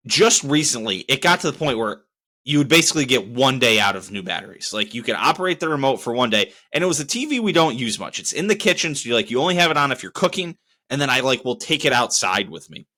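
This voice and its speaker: A man hosting a solo podcast, telling stories with heavy swearing and winding down with thanks to listeners. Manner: profane, exasperated storytelling; lively, restless pitch swings. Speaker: podcast host. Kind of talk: solo podcast rant and sign-off.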